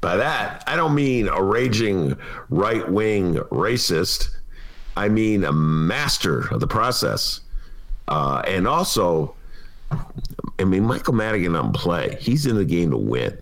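A man co-hosting a political talk show. His voice is gravelly and fairly low, and his pitch swings widely as he talks. He is animated and laughs easily. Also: slow. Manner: animated, laughing, mimics people mid-story. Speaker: co-host, columnist. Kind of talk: casual political chat.

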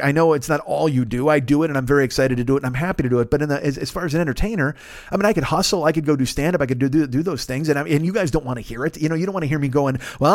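Podcast host, man, quick, self-mocking profane monologue, dry close mic. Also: a little high, darkish tone, no echo. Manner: profane, self-deprecating rant. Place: Los Angeles.

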